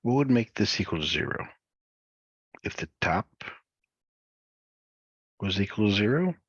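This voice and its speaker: A man working through math homework solutions step by step, thinking aloud in a halting, muttered way. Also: on the low side, expressive, a bit bright, husky, no echo, highs cut off. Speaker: math instructor.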